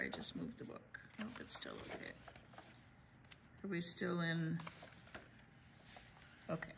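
A woman's voice: lowish voice, creaky, bright, forceful tone, a little hiss or hum. A woman hosting a library storytime, reading a picture book aloud to children with playful sound effects.

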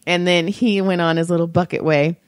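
A woman's voice: on the low side, fairly even intonation, a little fast, no room sound. A woman co-hosting a casual chat, telling a story in a chatty, playful way. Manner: chatty, laughs easily, playful. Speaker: podcast co-host.

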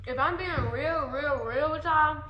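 A woman's voice: high-pitched, measured pace, highs cut off. A young woman talking boldly and teasingly in slang as a guest on a casual vlog. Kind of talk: casual chat. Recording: echoey room, faint noise.

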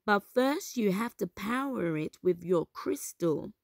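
A woman's voice: medium pitch, expressive, a little slow, creaky, no echo, studio quality. A woman voicing a curious, bookish young male explorer in a children's storybook reading, eager and matter-of-fact.

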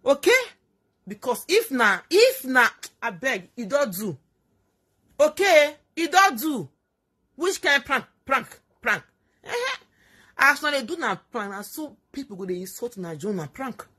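A woman's voice: high voice, big pitch swings, unhurried, pushed and bright, husky. A woman speaking Nigerian Pidgin English, ranting on a casual live stream, emphatic and scolding, repeating herself and laughing as she goes. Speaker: social media commentator.

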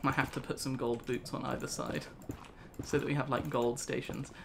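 A man's voice: mid-range voice, level tone, normal speed, vocal fry. A young man with a British accent chats loosely while he plays, drifting between a long story and his game. He talks in a mid-range voice, over faint background hiss and the clatter of keyboard clicks. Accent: British English. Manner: rambling, chatty storytelling with frequent laughs. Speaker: gaming channel host. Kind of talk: casual let's play chat.

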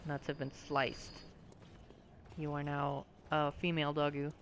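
In casual let's-play commentary, a man with a fairly high, bright voice speaks a little slowly in a completely flat delivery. He jokes, swears at enemies and mocks himself while rambling, his voice slightly sore from a full day of talking. A bit of hiss or hum is present.

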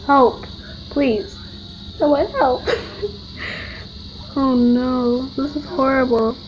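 Nervous giggly woman doing horror game commentary, slow and kinda high, dull lo-fi mic. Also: steady tone, slight background noise. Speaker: gamer.

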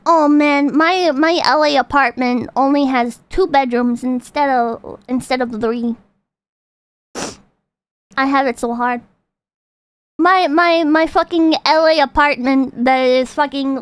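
A woman's voice: sits high, steady tone, takes it slowly, pauses often, no room sound, voice pushed down. A woman putting on the voice of a spoiled rich young adult who whines about rent, in a mocking, self-pitying tone.

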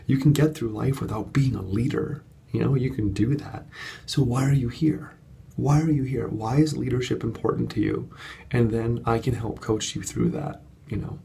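A man talking in an unedited casual vlog at home at night, chatty and animated, telling a story with lots of fillers. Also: medium pitch, normal speed, creaky, slight background noise. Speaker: vlogger and course coach. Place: home studio apartment at night.

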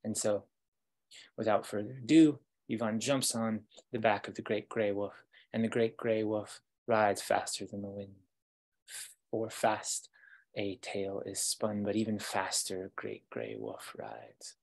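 A man telling a fairytale as a storytelling guide, slow with dramatic pauses, over a video call. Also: on the low side, fairly even intonation, darkish tone.

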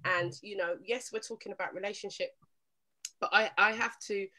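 A woman's voice: medium pitch, fairly even intonation, moderate pace, bright, forceful tone, low-quality recording. A woman hosting a live relationship talk show, chatting casually with callers, laughing often and turning earnest when she urges listeners.

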